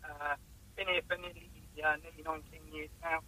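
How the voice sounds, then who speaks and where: A man's voice: fairly high pitch, flat delivery, brisk, pushed and bright. A man calling in to a radio show, hesitant and full of fillers, speaking over a muffled phone line. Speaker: caller. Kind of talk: phone interview.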